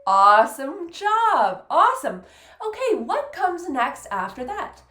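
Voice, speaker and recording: A woman's voice: extremely high pitch, very animated, takes it slowly, roomy sound, over loud music. A woman teaching a fiddle lesson, patiently counting beats aloud and praising often. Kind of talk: encouraging music lesson.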